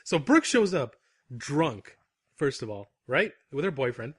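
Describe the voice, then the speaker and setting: A young man co-hosting a podcast, telling an animated anecdote and laughing often at his own story. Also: on the high side, a little slow, slightly rough, no echo, studio quality. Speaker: podcast co-host.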